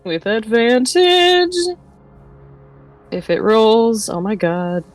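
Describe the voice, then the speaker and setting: A woman's voice: on the high side, sing-song, extremely slow, no room sound, faint music behind. A woman playing a tabletop game, chatting casually and asking about the rules. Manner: chatty, asks rules questions. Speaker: player.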